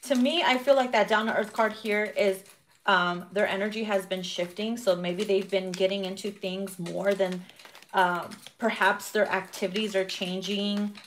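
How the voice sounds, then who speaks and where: A woman's voice: mid-range voice, fairly even intonation, moderate pace, a little hiss or hum. A woman giving a casual tarot reading who swears freely, laughs often and acts out quotes. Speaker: tarot reader.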